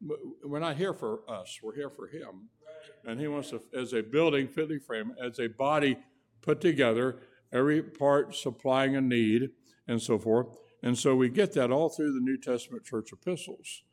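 A man with a twang delivers a sermon in a folksy, homespun way. His voice sits at an ordinary middle pitch, and he often doubles back on his words as he preaches. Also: normal speed, darkish tone. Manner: folksy, repeats words, tells homespun stories. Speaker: guest preacher.

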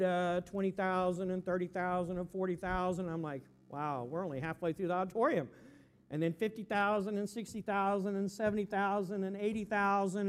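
A man preaching a sermon, telling a story in a folksy, excitable way with fillers and restarts and calls for amens. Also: high voice.

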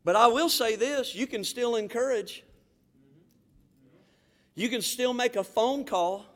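A man's voice: extremely high pitch, slow. A man with a Southern accent from the Florida panhandle, preaching a fervent sermon as a pastor, with many restarts and rising exhortations.

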